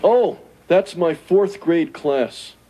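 A man voicing a wisecracking, self-pitying male alien in a 1980s sitcom, gravelly and nasal, sarcastic and melodramatic. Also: fairly high pitch, expressive, extremely slow. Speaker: sitcom character. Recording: noisy TV audio with studio laughter.

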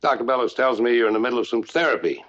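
An actor as a brisk army commander. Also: male voice, medium pitch, fairly bright tone, lo-fi sound, a little hiss or hum, close to an everyday voice.

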